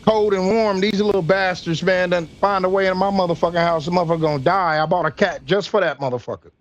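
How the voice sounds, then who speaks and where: Profane high-voiced man streaming at home. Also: fairly even intonation, fast, lo-fi sound. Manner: profane, loose, talks to family off-mic while streaming. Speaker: flight sim streamer. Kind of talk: casual livestream chat. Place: home gaming room.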